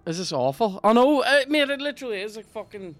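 A man with a Northern Irish accent, hosting a podcast and commenting on a video game in a sweary, excitable, jokey way. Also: high voice, fast talker, soft background music. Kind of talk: casual gameplay commentary.

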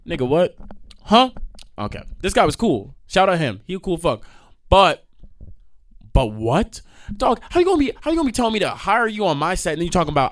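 A young man hosting a podcast, telling stories in a casual, profane rant with sudden loud outbursts. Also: on the high side, very animated, a little fast. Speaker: podcast host.

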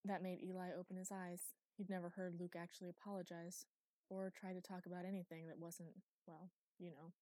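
A woman narrating an audiobook in an even, quiet reading voice on a close mic. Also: fairly low pitch, a little fast, dry recording. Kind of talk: scripted narration.

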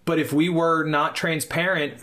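A man's voice: a little high, steady tone, moderate pace, fairly bright tone. A man co-hosting a podcast, talking frankly in casual chat and swearing freely. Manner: frank, swears freely, restarts his sentences. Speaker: podcast co-host.

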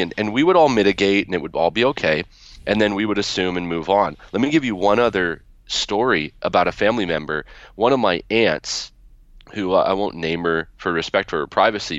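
A man's voice: low voice, fairly bright tone, dry recording, highs cut off. A man being interviewed about his book, telling family stories in a chatty way with many restarts. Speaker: guest, author. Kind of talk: interview storytelling.

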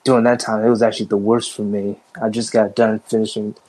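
Drained, halting man from Chicago. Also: on the low side, flat delivery, darkish tone, no room sound, poor audio. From Chicago area. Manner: halting, many fillers and restarts. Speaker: guest. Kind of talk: casual conversation.

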